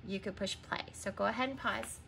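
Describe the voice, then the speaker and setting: A woman's voice: medium pitch, a little fast, gravelly, fairly bright tone, slight background noise. A woman teaching a recorded reading lesson to young children, sounding out words, spelling them letter by letter and patiently prompting answers.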